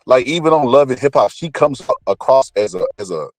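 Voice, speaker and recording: A man delivers blunt, cursing commentary with a lively, swinging pitch. His voice sits at a middle pitch and sounds dry and close, with no room echo. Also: brisk. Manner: blunt, profane, animated ranting. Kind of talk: opinionated celebrity commentary.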